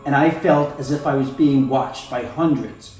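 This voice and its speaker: A man reading a storybook aloud in an expressive, playful way, talking to the listener now and then. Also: medium pitch, moderate pace. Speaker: storybook reader. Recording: very echoey room, faint music.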